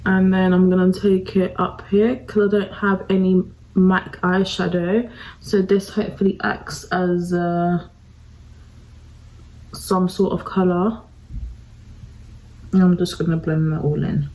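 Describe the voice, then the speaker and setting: A woman's voice: on the low side, level tone, a little slow, long pauses, a little mellow, poor audio. A woman talking through a makeup tutorial, chatty and self-deprecating, addressing her viewers directly. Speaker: beauty vlogger. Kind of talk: casual makeup tutorial talk.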